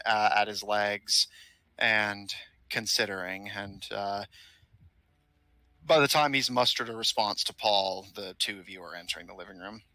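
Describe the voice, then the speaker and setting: A man narrates a tabletop game as its game master, in a measured, thoughtful way with frequent sighs. His voice sits low but rings very bright. The sound is dry and close. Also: no echo.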